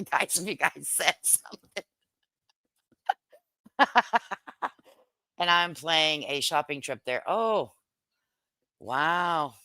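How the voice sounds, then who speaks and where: A woman's voice: on the low side, sharp tone, no room sound. Woman, middle-aged, livestream host, brash and joking, dry close sound. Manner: brash and joking, swears casually, laughs often. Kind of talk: casual livestream chat reading viewer comments.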